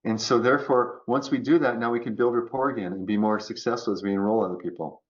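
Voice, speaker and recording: A man's voice: medium pitch, fast. Reflective man with dull-sounding audio. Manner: animated, acts out quoted voices. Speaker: guest. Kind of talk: conversational coaching talk.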